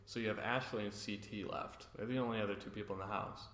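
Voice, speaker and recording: A podcast co-host casually recaps a reality show, acting out the cast's lines in animated storytelling. His voice is lowish and fast, and the room has an echo.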